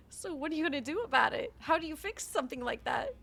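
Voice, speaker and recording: A woman's voice: high voice, vocal fry, bright, forceful tone. A young woman streaming a roleplay game, chatting casually, giggling often and muttering to herself. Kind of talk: casual gaming chat and in-character roleplay. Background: faint music.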